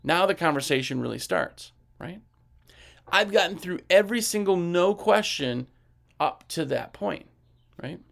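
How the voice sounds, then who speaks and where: Gravelly man teaching sales chat. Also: high-pitched, animated, unhurried, fairly bright tone. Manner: conversational, acts out sales dialogue, frequent "right?". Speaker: window cleaning business trainer. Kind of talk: casual teaching talk.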